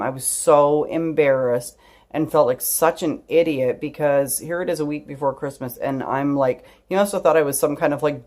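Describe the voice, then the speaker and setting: A woman vlogger with a low-pitched voice tells a personal story straight to camera, candid and chatty. She swears freely and laughs through her tears.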